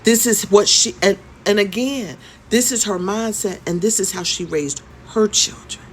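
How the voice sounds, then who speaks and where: A woman's voice: mid-range voice, moderate pace, slight background noise. A woman in her fifties telling a story in a conversational, emphatic way, often repeating her points. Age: 50s. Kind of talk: storytime vlog.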